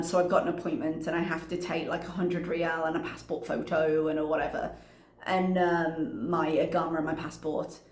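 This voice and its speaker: A young woman vlogger in casual chat, animated, laughing often and acting out what others said. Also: on the low side, reverberant.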